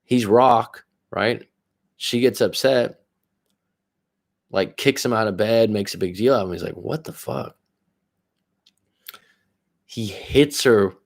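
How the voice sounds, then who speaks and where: Male coach, lowish voice, swears freely, rambles through an anecdote for a live stream. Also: measured pace, long pauses. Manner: rambling, profane, self-interrupting. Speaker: life coach. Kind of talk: casual storytelling on a live stream.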